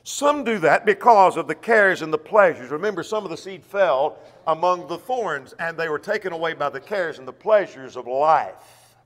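A man's voice: on the high side, lively intonation, moderate pace, a bit bright, big-room sound. A man preaching a sermon who reads scripture aloud and poses rhetorical questions to the congregation. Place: church auditorium.

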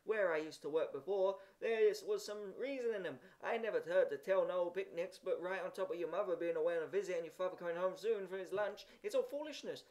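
Man doing a sharp-tongued grumbling cook woman. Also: high-pitched, fairly quick, hardly any pauses, natural voice. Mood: scolding. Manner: scolding, sharp, complaining. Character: grumbling irritable female cook, adult. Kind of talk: amateur audiobook reading.

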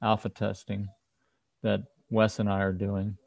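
Low-voiced man explaining firmware plans. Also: completely flat delivery, a little slow, vocal fry, darkish tone, dry recording. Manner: explanatory, restarts sentences. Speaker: host, firmware developer. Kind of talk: casual livestream tech talk.

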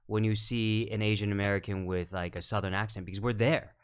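A man speaking in a somewhat low voice as a podcast guest. He talks loosely and at length, stacking fillers and acting out what other people said. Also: fairly even intonation, brisk, clear, resonant tone. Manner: rambling storyteller, quotes others, lots of fillers. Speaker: guest filmmaker and actor. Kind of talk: casual podcast chat.

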